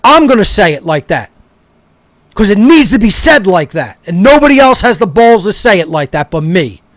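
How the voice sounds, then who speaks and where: A man's voice: sits high, big pitch swings, moderate pace, no echo. A man delivering an aggressive, profane rant that berates his listeners. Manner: aggressive, berating, swearing constantly. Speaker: speaker. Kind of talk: profane ranting monologue.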